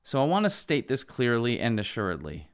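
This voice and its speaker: An earnest male preacher delivers a sermon with emphatic lines and halting asides. His voice is smooth and resonant, at a middle pitch for a man. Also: huge pitch swings.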